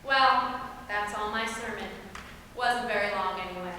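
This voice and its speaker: A woman's voice: medium pitch, bright, forceful tone, slight background noise. A woman playing a wry small-town minister. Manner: wry, unhurried storytelling. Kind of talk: stage play acting. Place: theater stage. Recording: roomy hall, from far off.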